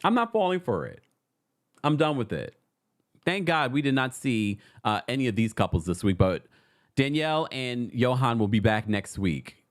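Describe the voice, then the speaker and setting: A man hosting a casual pop culture gossip show, animated and sassy, laughing often as he comments. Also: mid-range voice, moderate pace.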